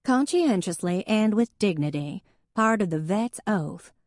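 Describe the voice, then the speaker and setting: A woman's voice: medium pitch, lively intonation, unhurried, a little mellow, dry recording, studio quality, voice pushed up, natural voice. A woman voicing a brash young female vet with a drawling good-old-boy Southern accent. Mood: breezy.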